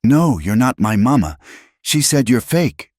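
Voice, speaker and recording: A man reading a storybook voicing a stubborn, tearful young girl in a high voice. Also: big pitch swings, a little slow, darkish tone, dry recording, clean studio sound.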